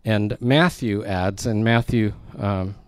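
A man with a fairly low voice teaches through a scripture passage, chatting with his listeners and tossing in jokes. The sound is dry and close, with little room around it. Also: slow pace, no room sound. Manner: conversational, joking asides to the congregation. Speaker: pastor. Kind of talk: expository sermon.

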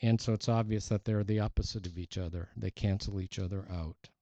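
A man's voice: fairly low pitch, fairly even intonation, a little fast, dark tone, dry recording, highs cut off. A man preaching a sermon in an earnest, emphatic way, reading scripture aloud.

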